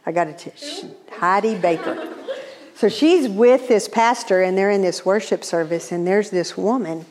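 A woman telling a personal testimony in an animated, exclamatory, humorous way. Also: mid-range voice, normal speed. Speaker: speaker. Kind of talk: testimony storytelling.

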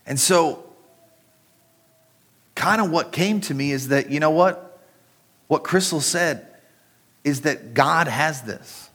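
A middle-aged pastor preaches in a slightly high, fairly bright voice, animated and at normal speed. Conversational in manner, he tells a personal story and speaks right to the congregation.

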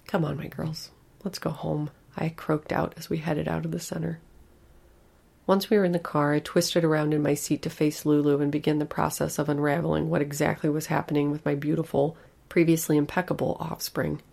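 Gravelly woman narrating a horror story. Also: sits low, flat delivery, a little fast, darkish tone. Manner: first-person storytelling, anxious and intimate.

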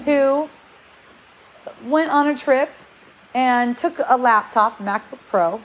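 A woman in her forties telling personal stories in a chatty, animated way, acting out quoted lines and laughing often. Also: high-pitched, takes it slowly, long pauses, slight background noise, rough recording. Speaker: speaker sharing spiritual experiences. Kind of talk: personal storytelling talk.

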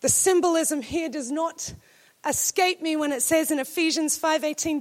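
A woman preacher delivering a sermon to her church, emphatic and at times rising to shouted declarations. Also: high voice, normal speed.

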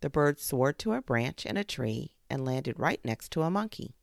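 A podcast host reading a children's fable aloud, expressive and with spoken sound effects. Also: mid-range voice, moderate pace, creaky, no echo, studio quality. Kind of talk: storybook narration for children.

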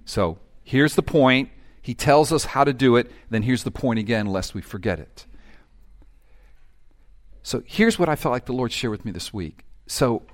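A middle-aged man preaching with animated energy, dropping to near-whispers and then rising into loud, urgent outbursts. He acts out the voices of people praying and complaining. His pitch sits at an ordinary middle range for a man. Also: normal speed. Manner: animated preaching, dramatic swings from hushed to loud; acts out quoted prayers and complaints. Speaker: pastor. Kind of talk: sermon.

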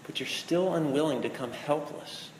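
Preaching in an echoey hall with long reverb, a pastor speaks at normal speed in a somewhat high voice, with background noise present. He's earnest, talking straight to his listeners with shifting emphasis.

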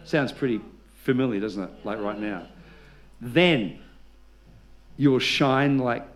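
A man's voice: mid-range voice, slow. A male pastor preaching a sermon, telling stories with humor and leading the congregation in call-and-response.

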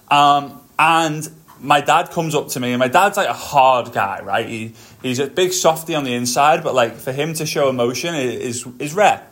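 A podcast host with a medium-pitched voice walks on a treadmill while delivering an energetic motivational monologue full of stories on his own podcast.

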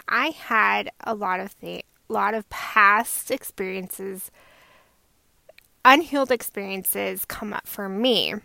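A woman in her thirties hosting a casual solo podcast, chatty and quick to laugh. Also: mid-range voice, creaky, no echo. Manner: chatty, laughs often, warm pet names for listeners. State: recovering from tonsil surgery. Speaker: podcast host.

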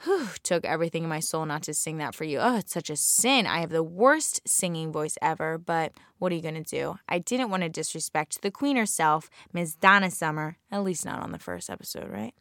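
Young South Jersey woman, podcast host and bartender, lower register, dry close sound, brash, bubbly, self-mocking. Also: lively intonation, fairly quick, hardly any pauses, a bit bright, no echo. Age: young adult. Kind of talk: casual solo podcast chat.

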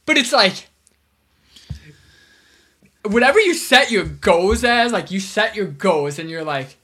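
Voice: mid-range voice, animated, takes it slowly, long pauses, bright, forceful tone, husky. A podcast co-host in casual chat, curious and musing aloud, with frequent repeated starts.

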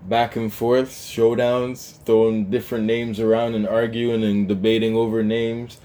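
A man's voice: on the low side, flat delivery, unhurried, warm tone. A man co-hosting a casual talk show, chatting loosely with lots of fillers and restarts. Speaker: podcast co-host. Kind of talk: casual chat.

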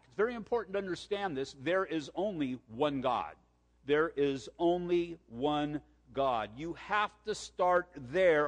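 A male pastor delivers an emphatic sermon in a slightly higher voice than most men. He slows down to read scripture, stresses and repeats his main points, and his voice trails off into a long reverb as in a large hall.

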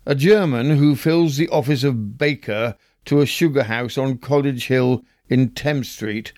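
A man reads old newspaper stories aloud as a podcast host, taking his time over every phrase. His delivery is measured and wry, in a middle pitch. The sound is dry and close, with no room around it. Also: darkish tone, no echo.

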